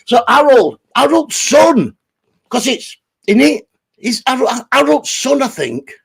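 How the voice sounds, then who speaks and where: A man rants through a casual vlog, swearing freely and rambling. His voice is unusually high for a man and noticeably husky. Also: sing-song, a little slow. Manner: sweary, rambling, laughs often. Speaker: YouTube host.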